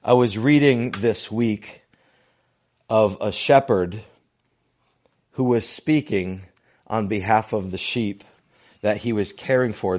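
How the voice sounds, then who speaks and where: A pastor preaching a sermon, slow and deliberate, often dropping his voice to a hushed near-whisper for emphasis. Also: mid-range voice. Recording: dull lo-fi recording.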